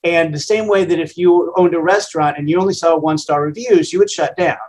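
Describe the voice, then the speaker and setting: A radio host in his fifties talks plainly and casually, the way he would at a kitchen table. His voice sits a little high for a man, and he keeps the tone self-deprecating and easygoing. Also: a little fast, darkish tone, low-quality recording. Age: 50s. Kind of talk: casual interview answers.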